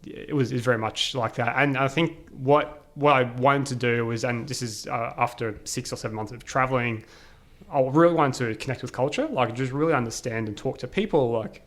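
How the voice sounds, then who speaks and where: A medium-pitched Australian man, a guest on a podcast, shares a travel story. He keeps it casual and animated, leaning on "like" and rapid quoted voices.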